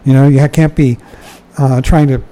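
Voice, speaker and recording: A man's voice: mid-range voice, fairly even intonation, normal speed, dark tone, poor audio. An older man giving a dharma talk, reading from a book and commenting in a conversational way, often chuckling and saying "you know".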